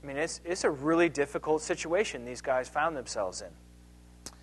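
A man's voice: on the high side, animated, moderate pace, breathy edge. A man giving a history lecture with slides in a conversational way, asking his audience questions and often restarting his phrases.

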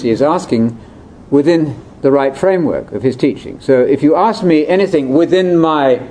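A Bible teacher leads a conversational discussion, explaining animatedly with pitch jumping between high and low. There's slight background noise.

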